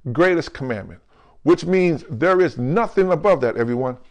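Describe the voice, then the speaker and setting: A male pastor preaching a lively, jokey sermon, who keeps calling out to the congregation and slows down to stress scripture words. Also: on the high side. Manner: calls out to the congregation with questions like "right?" and "come on".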